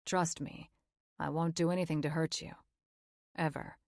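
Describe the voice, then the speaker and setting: A woman voicing a confident, teasing young man who coaxes gently, in a lowered, softer voice. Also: little pitch movement, normal speed, vocal fry, no echo, clean studio sound. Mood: coaxing. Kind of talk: audiobook character voice.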